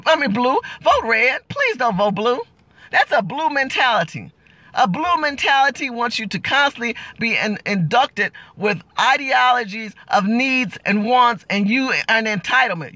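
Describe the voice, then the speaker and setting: A middle-aged woman in a fiery political vlog rant, talking bluntly and throwing out rhetorical questions and curses. Her voice sounds bright and ringing, recorded close on a dry mic with no room sound. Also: on the high side, animated, unhurried, no echo. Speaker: political commentator.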